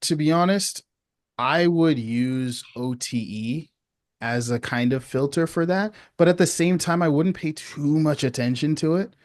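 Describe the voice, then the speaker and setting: A man giving casual sales advice on a video support call, relaxed and chatty, often asking "you know what I mean?". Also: on the high side, a little slow, no room sound. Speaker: sales coach.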